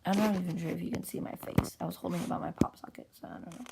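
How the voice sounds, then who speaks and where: A woman's voice: fairly low pitch, fairly even intonation, very fast, vocal fry, very noisy. A woman casually narrating her own comic into an iPad, rambling and chatty, poking fun at herself. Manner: rambling, chatty, self-mocking. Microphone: iPad with pop socket.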